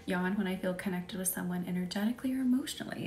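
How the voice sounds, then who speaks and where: A young woman hosting a live reiki session, chatting casually with viewers and slipping into soft whispers while guiding energy work. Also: fairly low pitch, very fast, a little hiss or hum. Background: soft music.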